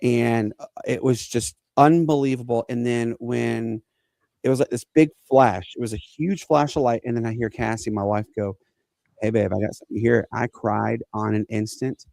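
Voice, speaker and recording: Man, forties, earnest halting storyteller, podcast co-host, gravelly. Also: mid-range voice, fairly even intonation, darkish tone, no echo. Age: 40s. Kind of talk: emotional personal story on a podcast.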